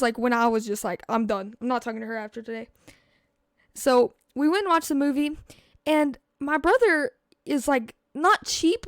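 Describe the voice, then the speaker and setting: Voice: high voice, fairly bright tone, dry recording, clean studio sound. A teenage gaming vlogger telling a storytime tale over gameplay, chatty and full of fillers, acting out what people said. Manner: chatty, filler-heavy, acts out quoted lines.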